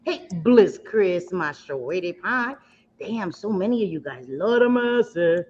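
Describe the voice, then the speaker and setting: Speaking unhurriedly in a medium-pitched, darkish voice, this woman keeps her intonation animated as she does her makeup on a casual livestream. She rambles on, pokes fun at herself, and calls her viewers pet names. Slight background noise sits under the dull, lo-fi sound.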